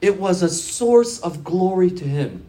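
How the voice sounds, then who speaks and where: Animated preacher telling a story. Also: mid-range voice, a little slow, echoey room. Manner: animated storyteller, swings from quiet to loud; repeats and restarts phrases. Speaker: pastor. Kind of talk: conversational sermon with storytelling.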